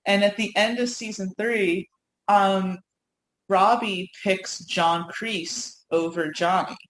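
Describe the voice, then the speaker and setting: A woman's voice: medium pitch, steady tone, slow pace, slight background noise. A woman co-hosting a podcast, chatting enthusiastically about TV with lots of fillers. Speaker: co-host. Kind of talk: casual podcast chat. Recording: echoey room, faint ambience.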